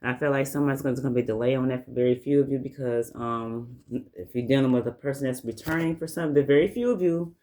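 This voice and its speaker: Southern man, tarot reader, casual rambling delivery, mid-range voice, drawls out the card messages slowly. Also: mid-range voice, dark tone. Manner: rambling, repeats "like I said" and "you know". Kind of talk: casual tarot reading to camera.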